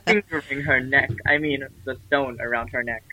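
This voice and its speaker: A man co-hosting a casual book discussion, jokey and expressive. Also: medium pitch, moderate pace, dry recording. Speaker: podcast co-host. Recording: dull lo-fi dry sound.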